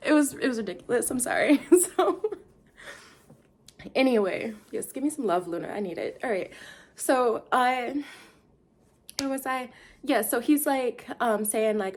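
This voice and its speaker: A woman's voice: medium pitch, expressive, moderate pace, pauses often. A young woman from Detroit telling a casual storytime monologue, rambling, interrupting herself and laughing often.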